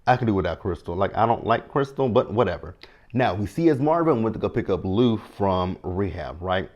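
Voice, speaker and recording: A man's voice: on the low side, brisk, dull audio. A man, casually recapping a TV episode and talking straight to his viewers. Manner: chatty and animated, talks to viewers directly. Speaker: TV show recap host.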